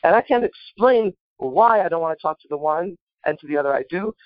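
Brash, swearing man, lively pitch. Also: a little fast, dry recording, narrow, tinny audio. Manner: boastful, swearing, rambling with filler words. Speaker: panel host answering a listener question. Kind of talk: brash profane casual talk.

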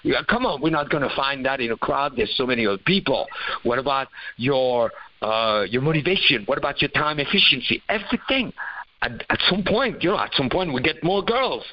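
Man, motivational coach, emphatic and preachy, mid-pitched, muffled lo-fi audio. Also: animated, fairly quick. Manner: emphatic, preachy, acts out quoted voices. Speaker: pickup coach.

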